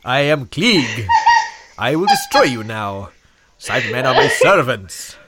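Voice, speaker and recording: A man's voice: mid-range voice, big pitch swings, a little slow, very noisy. A man putting on a hammy, exaggerated foreign villain voice, grumpy and boastful. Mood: hammy menace.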